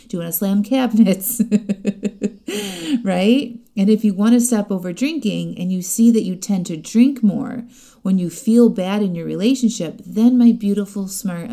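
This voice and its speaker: This life coach, a middle-aged woman, talks to her listeners in a chatty, straightforward podcast style and laughs frequently. Her mid-range voice sounds gravelly yet mellow.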